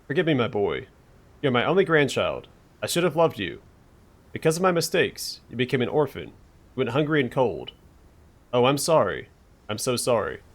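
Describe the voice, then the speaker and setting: A man's voice: mid-range voice, very animated, moderate pace, pauses often. A man reading the lines of a remorseful old grandmother in a game, pleading and apologetic.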